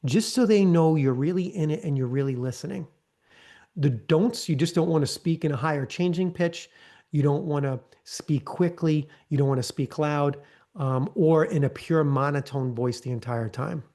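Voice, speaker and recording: Warm in tone, slightly high, and at a normal speed, this man hosts a live online training via video call. He coaches conversationally, tossing in "okay?" and "right?" to check on listeners.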